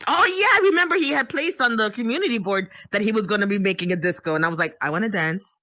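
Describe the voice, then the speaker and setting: A woman's voice: a little high, quick pace, sharp tone. A middle-aged woman chatting casually as a guest, full of "you know" fillers. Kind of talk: casual chat.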